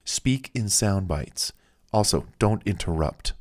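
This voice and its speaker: Man, deep voice, casual self-help audiobook narration: conversational and anecdotal, with fillers. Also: animated, takes it slowly.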